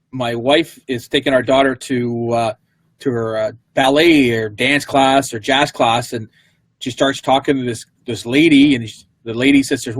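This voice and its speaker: A man guest telling a story in casual talk, animated and acting out what others said, on a video call mic. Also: medium pitch, no room sound. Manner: animated, acts out quoted voices. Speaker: guest entrepreneur.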